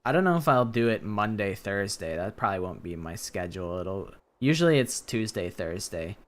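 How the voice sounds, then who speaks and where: A man's voice: on the low side, very animated, normal speed. A tired man streaming a game, chatting casually in a rambling, hesitant way that often trails off. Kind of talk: casual gameplay chat. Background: game music.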